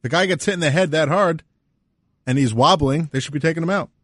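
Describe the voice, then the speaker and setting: A man calling in to talk radio who argues his point in a quick, breathless rush. His voice is husky and slightly high, and the sound is dry, with no echo. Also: a bit bright.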